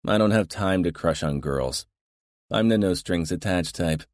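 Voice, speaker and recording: A man's voice: low-pitched, a little slow, darkish tone, no echo, studio quality. A man voicing a proud, serious young mafia heir who speaks earnestly and a bit indignantly. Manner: earnest, indignant, matter-of-fact.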